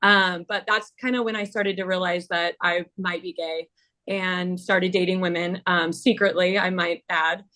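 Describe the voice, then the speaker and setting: A woman in her thirties sharing a personal story as a webinar panelist, candid and halting with many fillers. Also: fairly low pitch, fairly even intonation, sharp tone.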